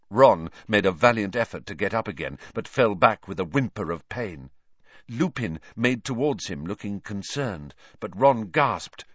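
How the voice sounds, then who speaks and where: A man narrating an audiobook with an expressive, dramatic reading. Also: on the low side, measured pace, no echo, dull audio. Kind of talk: scripted narration.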